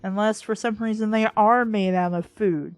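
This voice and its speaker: A woman's voice: medium pitch, fairly even intonation, moderate pace, no room sound. A woman reading a novel aloud and breaking off to mock its writing, exasperated and sarcastic. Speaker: book reviewer reading aloud. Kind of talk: sarcastic book-reading commentary.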